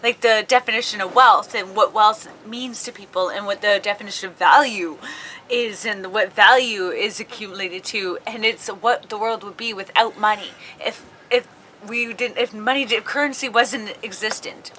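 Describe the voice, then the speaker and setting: Blunt, giggly bright-voiced woman. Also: mid-range voice, normal speed, slight background noise. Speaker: podcast co-host. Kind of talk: casual chat.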